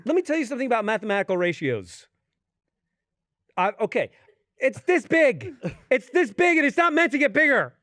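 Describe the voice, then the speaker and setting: A man's voice: very high-pitched, a little fast, pauses often, no room sound, clean studio sound. A man co-hosting a podcast, telling a profane comedic story in a casual chat and acting out the people in it. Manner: animated, profane, acts out the people in his story. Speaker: podcast co-host. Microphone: studio podcast mic.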